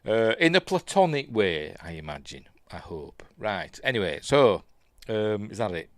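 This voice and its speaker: A man's voice: fairly low pitch, sing-song, normal speed, no room sound. A Yorkshire man hosting a live news stream in a casual, rambling way, often breaking off to mutter asides. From Yorkshire, England.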